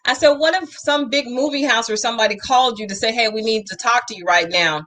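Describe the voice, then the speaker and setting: Bright-voiced gushing woman host. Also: fairly high pitch, fast talker. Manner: gushing, emphatic praise. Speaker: talk show host. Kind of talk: effusive interview chat.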